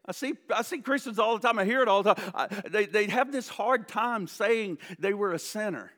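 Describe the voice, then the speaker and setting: A man with a very high, bright and forceful voice delivers a sermon as a pastor. He climbs to loud, punchy repeated lists, then sinks into quiet, slow appeals, stumbling over and repeating words as he goes. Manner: builds to emphatic repeated lists, drops to soft slow appeals; repeats and restarts words when stirred.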